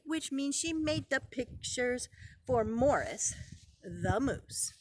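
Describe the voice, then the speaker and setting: High animated lady teacher doing a slow read-aloud for little kids, lots of repeating. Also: a little hiss or hum. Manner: sing-song, encouraging, repeats lessons. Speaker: preschool teacher. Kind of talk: reading a picture book aloud to preschoolers.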